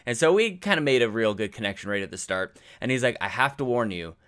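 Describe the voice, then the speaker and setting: A man's voice: medium pitch, animated, fast, fairly bright tone, smooth. A man co-hosting a gaming podcast, chatting casually and telling rambling, effusive stories. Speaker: podcast co-host.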